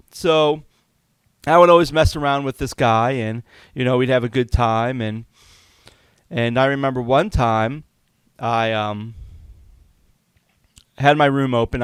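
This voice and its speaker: A man's voice: medium pitch, smooth, dry recording. A man hosting a podcast, telling a candid personal story in a confessional, conversational way with many fillers. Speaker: podcast host.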